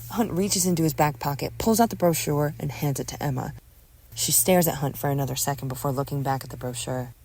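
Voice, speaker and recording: A woman narrating a scripted audio story in an expressive storytelling manner on a close mic. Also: low-pitched, fairly quick, dry recording.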